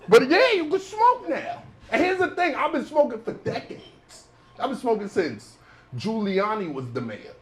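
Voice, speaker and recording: A man performs stand-up on a club stage. His voice sits high for a man. He is animated, jumping into loud acted-out outbursts. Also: normal speed. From New York. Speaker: stand-up comedian. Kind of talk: stand-up comedy set.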